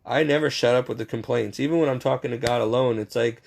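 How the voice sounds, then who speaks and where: A man's voice: medium pitch, fast talker, vocal fry, darkish tone. A man giving a casual, rambling faith monologue, poking fun at himself and chuckling as he talks. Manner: rambling, self-mocking storyteller; frequent chuckles.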